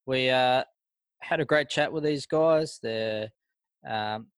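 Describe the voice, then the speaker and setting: A man's voice: mid-range voice, takes it slowly, clean tone, no room sound. A man co-hosting a podcast in casual, blunt, slangy banter. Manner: laid-back, blunt, slangy. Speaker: podcast co-host.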